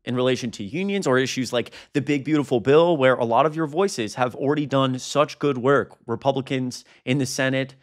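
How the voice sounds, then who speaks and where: A young man reacting to a protest video as a political commentator, indignant and exasperated. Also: medium pitch. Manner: indignant, exasperated, quick asides.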